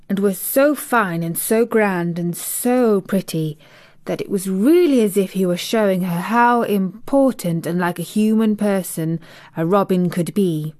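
A woman narrates a classic children's story in a soft, gentle voice at a very unhurried pace. Some passages drop to a near-whisper. The sound is close and dry, with no room echo. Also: medium pitch. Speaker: audiobook narrator.

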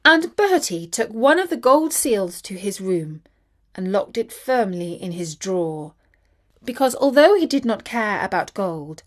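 A woman narrating a children's story in a gentle, expressive way. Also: mid-range voice, unhurried, faint music behind.

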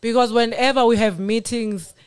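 A woman from South Africa telling her faith testimony on a radio talk show, earnest and animated. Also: on the high side, moderate pace, clean tone. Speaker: guest sharing testimony.

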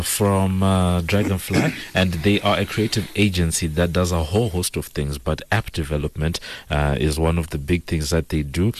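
A man hosts a business radio show. His voice is very deep, and he fills his sentences with hesitant ums and uhs. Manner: hesitant with many fillers.

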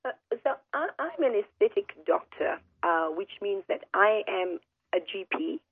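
A hoarse woman doctor speaks as a radio guest, explaining her field in a measured way with fillers. Her pitch is middling. She comes through a thin telephone line with no room sound. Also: expressive, no room sound. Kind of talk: phone-in radio interview. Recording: tinny phone line on radio.

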